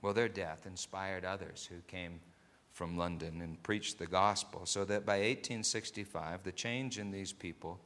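Slow, bright-voiced male preacher. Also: on the low side, long reverb tail. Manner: swells from quiet narration to loud impassioned pleading; slow, deliberate delivery with many pauses. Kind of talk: sermon storytelling.

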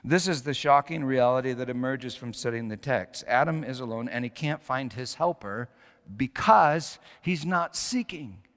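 A middle-aged man preaching a sermon with storytelling, moving between hushed passages and emphatic ones. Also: medium pitch, lively intonation, moderate pace. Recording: long hall reverb.

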